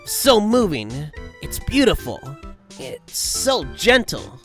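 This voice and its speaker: A woman voicing an excitable, lovesick young male artist in a game, high and whiny. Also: takes it slowly, soft background music. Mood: dreamy. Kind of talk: game dialogue read aloud.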